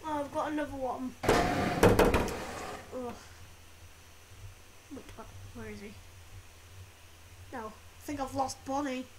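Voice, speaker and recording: A woman plays a video game role-play, chatting casually and often exclaiming with squeamish "oh" and "ugh" sounds. Her voice sits high at normal speed, with long pauses. It's recorded on a desk mic with loud background noise.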